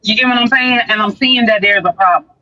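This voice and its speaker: Animated woman telling a story, bright tone. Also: on the high side, fast, dull audio. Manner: animated retelling, acts out quotes. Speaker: guest recounting a dispute. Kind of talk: casual livestream storytelling.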